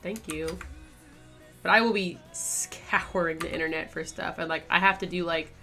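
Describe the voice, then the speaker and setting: A woman's voice: on the low side, steady tone, moderate pace, pushed and bright, faint music behind. A woman chatting casually on her art stream, rambling with lots of fillers and little laughs. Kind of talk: casual chat while drawing on stream.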